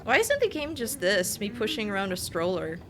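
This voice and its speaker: A young woman streaming a game, reacting with frantic screams and rushed, apologetic chatter. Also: medium pitch, wildly swooping pitch. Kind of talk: live gameplay commentary. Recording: noisy stream mic that clips on screams.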